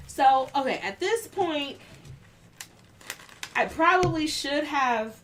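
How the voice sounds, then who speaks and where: A woman's voice: sits high, animated, a bit bright, slight background noise. A woman casually telling a story from work, acting out what others said with raised voices. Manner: unhurried, acts out the quotes of others with raised voices.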